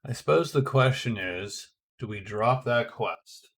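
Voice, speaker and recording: A man's voice: medium pitch, expressive, measured pace, a bit bright. Man thinking aloud through a board game. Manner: thinking aloud, hesitant with many restarts. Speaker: board game player narrating his turns. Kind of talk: casual solo game commentary.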